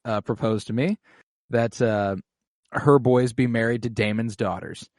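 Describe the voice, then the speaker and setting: Animated man recapping a show, dry sound. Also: medium pitch, unhurried, dry recording. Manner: swearing, acts out lines from scenes. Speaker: podcast co-host. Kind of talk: casual recap chat.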